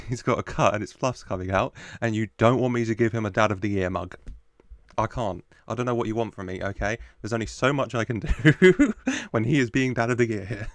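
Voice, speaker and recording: Laughing reaction-video host, low gravelly voice. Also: male voice, no echo, clean studio sound. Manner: chatty, laughs often, gushes over characters. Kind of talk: casual reaction commentary.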